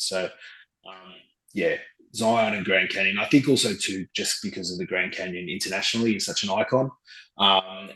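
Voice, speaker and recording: Low-voiced Australian man, roomy sound. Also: bright, forceful tone. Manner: earnest, halting, many fillers and restarts. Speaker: travel company executive. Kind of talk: podcast interview. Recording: roomy echo.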